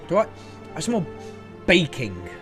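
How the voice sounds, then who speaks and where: A man playing a horror game who reads its letters and dialogue aloud and jokes between the lines. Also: a little high. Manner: jokey, reads dialogue and letters in put-on voices. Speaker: gaming YouTuber. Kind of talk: let's play commentary, reading game text aloud.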